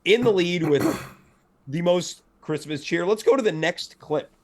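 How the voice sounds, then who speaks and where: A man's voice: sits high, expressive, measured pace, slight background noise. A man co-hosting a casual chat, joking and teasing his co-host. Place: home.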